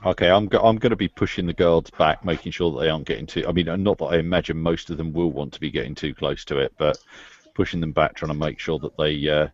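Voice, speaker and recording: A man playing a tabletop game, describing his character's moves in a halting way and repeating words as he plans. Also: extremely low pitch, steady tone, dry recording, dull audio. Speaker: player.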